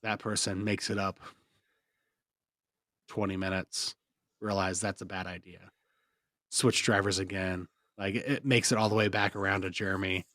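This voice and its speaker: Young midwestern man, low voice, dry close mic, rambling podcast storyteller. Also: little pitch movement, moderate pace, pauses often, a bit bright, no echo. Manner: rambling, laughs mid-story. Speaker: podcast co-host. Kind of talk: casual storytelling chat.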